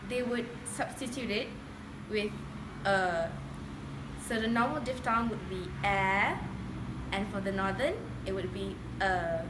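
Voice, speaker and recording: A young woman giving a student class presentation on accents, slowly modelling words for others to repeat. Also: on the high side. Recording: echoey room from a distance with noise.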